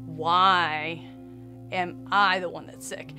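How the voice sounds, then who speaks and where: Earnest woman sharing a lower-pitched personal testimony. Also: steady tone, slow, soft background music. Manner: earnest and emotional, with soft laughs.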